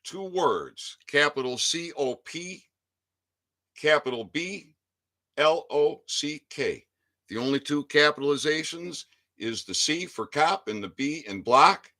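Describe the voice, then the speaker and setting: A man delivering an angry ranting monologue, swinging between shouting and low muttering, with heavy profanity. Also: expressive, slow. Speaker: channel host.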